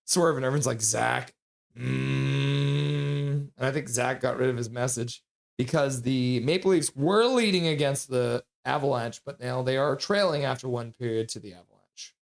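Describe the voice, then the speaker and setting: A man's voice: medium pitch, normal speed, creaky. A man hosting a hockey live stream, chatting casually and reading viewer comments aloud with frequent laughs. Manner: chatty, reads chat messages aloud and laughs often.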